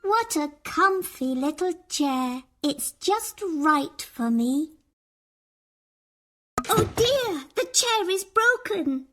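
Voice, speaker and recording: A fussy, curious little girl from a children's storybook. Her very high voice bounces up and down at a slow, careful pace, with faint children's music behind. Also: very animated, a bit bright, heavily acted. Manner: sing-song, exaggerated storybook delivery.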